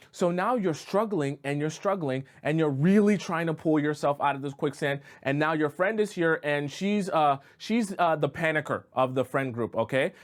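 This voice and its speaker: Casual man coaching, higher voice. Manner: casual, acts out scenarios with asides like "right?" and "okay?". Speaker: dating coach. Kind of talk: advice monologue to camera.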